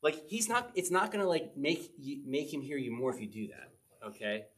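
A middle-aged man delivers a relaxed, conversational sermon as a pastor. His voice sits at an ordinary male pitch, and he talks to the congregation like he's chatting with friends, tossing in quick "okay?" checks as he goes. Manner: conversational, chatty preaching with frequent "okay?" asides.

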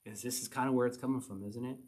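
A man teaching verse by verse from the Bible, reading passages aloud and then explaining them in a relaxed, conversational way. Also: mid-range voice, rapid-fire, breathy edge. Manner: reads scripture then explains it conversationally, with little chuckles.

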